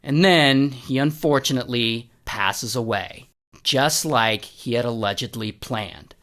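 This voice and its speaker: A man's voice: medium pitch, a little slow. A man narrating a true-crime story in a casual, playful way, punctuating the action with spoken sound effects. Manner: animated, playful, adds sound effects like "blam" and "dun dun".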